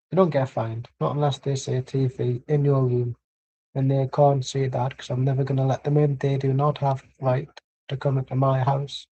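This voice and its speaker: A man's voice: mid-range voice, flat delivery, fairly quick, dark tone, husky, muffled recording. A man doing casual live match commentary from home, rambling and blunt with plenty of swearing. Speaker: watchalong streamer.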